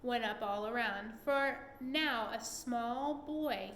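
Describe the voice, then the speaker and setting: Mom reading a kids book out loud, bright voice, echoey room with faint hiss. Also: female voice, on the high side, slow pace. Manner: expressive, animated reading. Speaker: parent reading aloud. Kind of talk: reading a children's book aloud.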